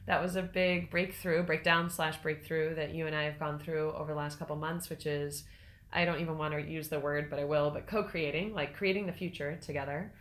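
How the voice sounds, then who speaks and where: A middle-aged woman talking on a podcast in a relaxed, reflective way. She sits a little low in pitch for a woman. She lifts into lively, animated bits when she quotes herself. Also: a little fast. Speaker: podcast co-host. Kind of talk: casual podcast conversation.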